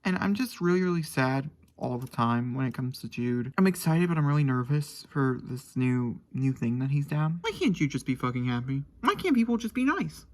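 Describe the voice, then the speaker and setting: A man's voice: on the high side, very animated, normal speed, few pauses, a little mellow. A young man rambling emotionally about a novel in a casual reading vlog from his bedroom at night, swearing freely. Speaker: book vlogger.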